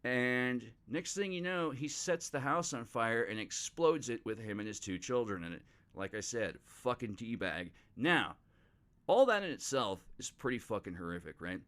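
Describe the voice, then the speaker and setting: A man's voice: mid-range voice, lively intonation, moderate pace, fairly bright tone. A man hosting a podcast, telling a true-crime story in a casual, rambling way, swearing freely and mocking the people he talks about. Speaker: podcast host.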